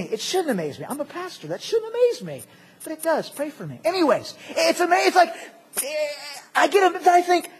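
A man preaching a sermon as pastor, animated and jokey, swinging between loud outbursts and quiet asides. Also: very high-pitched, fairly quick.

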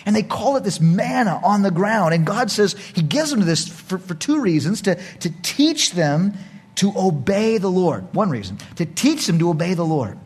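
A male pastor preaching a lively sermon to his congregation, acting out voices and laughing often. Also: high voice, normal speed, husky.

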